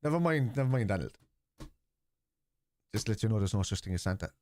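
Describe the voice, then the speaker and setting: A man's voice: fairly low pitch, animated, brisk, darkish tone, a little hiss or hum. A man hosting a live football watchalong, chatting casually and answering viewers' comments.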